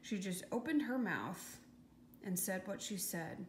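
A woman's voice: mid-range voice, lively intonation, unhurried. A woman reading a rhyming children's story aloud in a lilting, sing-song manner. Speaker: audiobook reader. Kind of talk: scripted rhyming storybook narration. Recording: echoey room with faint hiss.

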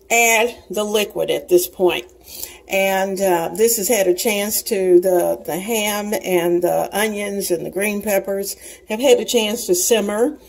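This woman in her sixties, the host of a cooking channel, talks with viewers in a cozy, homey manner while cooking in her home kitchen for a casual demonstration. Her voice is mid-range, and the audio is poor.

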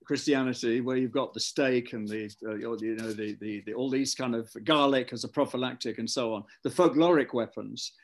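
A male co-host explains in a measured, lecturing manner during a live online book discussion, stacking his points into lists. His voice is mid-pitched and ordinary, and it comes through a video call. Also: a little mellow.

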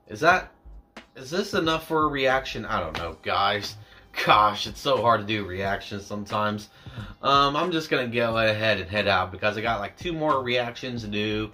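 Rambling low-voiced young guy. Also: bright, forceful tone. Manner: rambling, self-mocking, easily distracted. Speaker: music reaction YouTuber. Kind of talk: casual reaction commentary.

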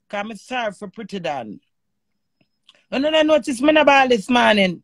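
A woman with a Jamaican accent hosting a live stream with callers. She is animated and emotional, and swears freely in patois. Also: fairly high pitch, normal speed, no echo.

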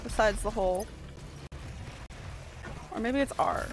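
A woman streamer giving live gameplay commentary, excitable, yelping and talking to herself as she plays. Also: fairly high pitch, a little slow, music in the background. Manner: excitable, yelps and talks to herself while playing. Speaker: game streamer. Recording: steady background noise.

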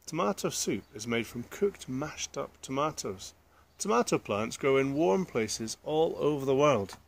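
A man's voice: mid-range voice, expressive, measured pace, creaky. A man reading a children's picture book aloud, adding chatty asides to the listeners. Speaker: storyteller.

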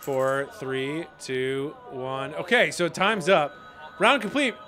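Over music, a man with a slightly high voice talks slowly to himself while playing a game for his gaming channel. His let's-play commentary is chatty and bemused.

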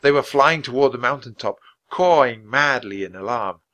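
Reading a children's adventure tale, a man uses a bright, forward, medium-pitched voice. He keeps things lively and expressive yet unhurried, with the clear, steady pacing learners need.

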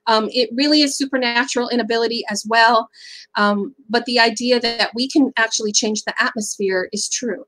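A woman's voice: on the high side, fairly even intonation, normal speed, fairly bright tone, poor audio. Candid middle-aged woman giving a faith talk. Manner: candid and conversational, often asks "right?". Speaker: seminar speaker. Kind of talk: faith-based seminar talk.

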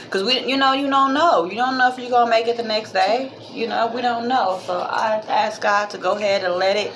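With a fairly high, fairly bright voice at normal speed, a mom vlogger rambles sincerely to camera about faith and feeling, calling her viewers "y'all." She coughs a little, and slight background noise is audible.

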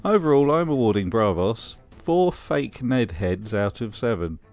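A man's voice: mid-range voice, very animated, unhurried, darkish tone, soft background music. A man hosting comedic review commentary with a sardonic, mocking manner. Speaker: host.

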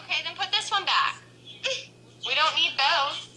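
A woman's voice: sits high, normal speed. A young woman in a home video, caring for a toddler and giving firm, patient instructions. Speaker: caregiver changing a toddler. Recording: home video with background noise.

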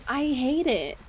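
A woman streaming a video game, chatting casually with her chat, swearing and swinging between loud yelps and quiet mumbles. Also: sits high, slight background noise. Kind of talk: casual gaming commentary.

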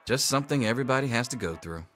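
An actor playing a sardonic schoolteacher addressing a class, with game music behind. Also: male voice, medium pitch, lively intonation, rapid-fire, a bit bright, close to an everyday voice. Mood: wry. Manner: dry, sardonic. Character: dry, wry male schoolteacher. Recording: game audio with clear background music.

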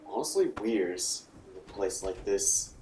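A man's voice: sits low, lively intonation, slow pace, warm tone. A man voicing an easygoing robot bear. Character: friendly robot bear mascot. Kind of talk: real-time game fandub. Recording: roomy, distant, faint background noise.

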